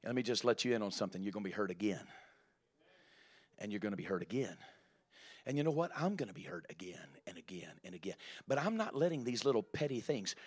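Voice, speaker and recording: A preacher delivering a church sermon in an emphatic voice that builds to loud, rising exclamations. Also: male voice, on the low side.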